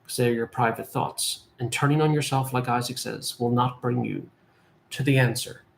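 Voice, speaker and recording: A man's voice: mid-range voice, fairly even intonation, moderate pace, creaky. A man in his forties, a medium and life guide, giving an earnest spiritual talk to viewers and repeating phrases for emphasis.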